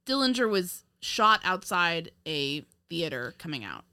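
A woman's voice: fairly low pitch, big pitch swings, measured pace, sharp tone, clean tone. A woman co-hosting a casual film review podcast, rambling with many fillers and restarts and laughing often. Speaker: podcast co-host.

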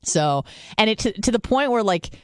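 A woman's voice: mid-range voice, lively intonation, moderate pace, dry recording. Chatty swearing American woman, dry sound. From San Diego. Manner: chatty storytelling, swears a lot, mimics voices. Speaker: podcast host. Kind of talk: casual chat.

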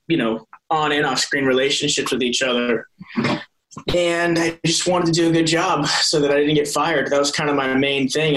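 A young man, a soap opera actor appearing as a guest, chats casually in an interview, rambling through stories with frequent restarts, self-corrections and laughter. His medium-pitched voice has a fairly bright tone, and the recording is rough.

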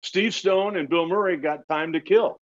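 A man in his sixties spins animated anecdotes in a slightly raised voice, laughing often and stumbling over his words as he restarts. The sound is dull and lo-fi. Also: sits high, normal speed. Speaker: retired pitcher, guest. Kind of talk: storytelling in casual interview.

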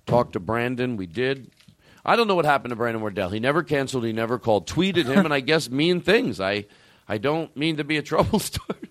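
A man hosts a loose, chatty show, his pitch swinging up and down as he rambles. He keeps stopping mid-thought and swears without a care. His voice is close and dry, with almost no room sound. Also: sing-song, fairly quick, fairly bright tone, dry recording. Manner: rambling, self-interrupting, swears freely. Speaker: podcast host. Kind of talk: casual chat.

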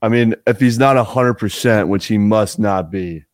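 A man co-hosting a sports podcast in relaxed, casual chat, swearing now and then. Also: on the low side, moderate pace, no echo, clean studio sound. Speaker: podcast co-host.

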